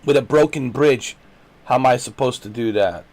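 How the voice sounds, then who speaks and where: Streaming a video game, a man rants in frustration during live gameplay commentary, repeating himself, swearing, then apologizing to viewers. His mid-range voice has a darkish tone and a normal pace.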